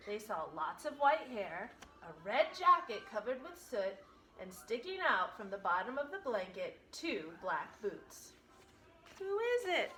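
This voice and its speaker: Teacher lady reading a storybook out loud, lively ups and downs, bright voice, echoey room w/ faint music. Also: medium pitch, unhurried, a little hiss or hum. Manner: expressive, animated storytelling. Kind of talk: reading a picture book aloud.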